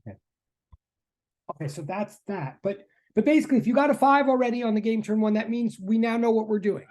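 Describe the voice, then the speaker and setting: Mellow, rambling online physics instructor. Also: mid-range voice, a little fast. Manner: rambling, self-correcting, earnest. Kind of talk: online class lecture.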